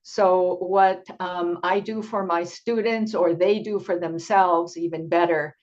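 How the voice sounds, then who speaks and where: An older woman leads an online workshop for tutors at an unhurried, patient pace, her voice sitting a little low. She explains step by step, pausing often with ums. The audio is dull and lo-fi, as from a video call. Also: fairly even intonation, darkish tone. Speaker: teacher trainer presenting a workshop.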